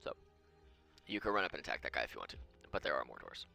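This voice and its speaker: A man's voice: a bass voice, huge pitch swings, fast, vocal fry, pushed and bright, soft background music. A man running a tabletop game as game master, rambling as he thinks aloud and counts out moves under his breath.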